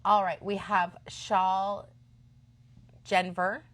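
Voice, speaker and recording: A woman in her fifties hosts a yarn shop live stream with an easy, enthusiastic chattiness. Her voice sits at an ordinary middle pitch, and she often slips into quieter asides as she goes. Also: flat delivery, very slow. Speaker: shop host. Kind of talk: live-stream product chat.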